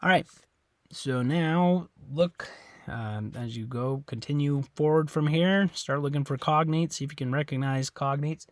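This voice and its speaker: A man's voice: on the high side, unhurried, no room sound, clean studio sound. A man teaching a Spanish lesson in an informal way, often correcting himself and checking in with "okay?". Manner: informal, repeats words, corrects himself, ends phrases with "okay?". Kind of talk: recorded classroom lesson.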